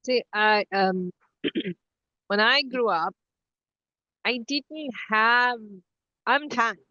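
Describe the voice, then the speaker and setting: Middle-aged woman co-host, chatty animated storyteller, slightly high voice, dry dull lo-fi sound. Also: very slow, no room sound. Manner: animated storytelling with many restarts. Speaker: podcast co-host. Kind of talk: casual conversation.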